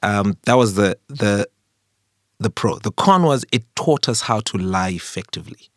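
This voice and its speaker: Middle-aged zimbabwean guy on a podcast, careful storyteller, lowish voice. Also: lively intonation, moderate pace, a bit bright, dry recording, studio quality. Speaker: podcast co-host. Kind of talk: casual chat.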